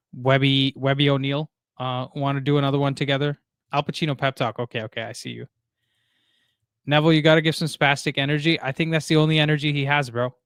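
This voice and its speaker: A man hosting a live stream chats easily and reads out viewer messages. His voice is smooth and clear, recorded dry on a close streaming mic, and he often pauses with "uh" and "um" as he goes. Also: medium pitch, dry recording. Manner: relaxed, reads chat messages aloud, many fillers. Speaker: livestream host. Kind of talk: casual live stream chat.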